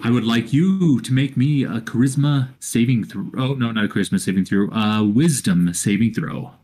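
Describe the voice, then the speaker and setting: A man running a tabletop role-playing game as dungeon master, narrating the battle in a slow, descriptive way with small hesitations. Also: medium pitch, darkish tone.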